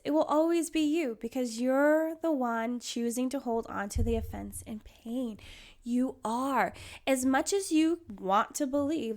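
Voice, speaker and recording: A young woman hosting her own podcast, giving advice in a chatty, earnest way and repeating her points for emphasis. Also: fairly high pitch. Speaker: podcast host. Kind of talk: casual solo podcast advice.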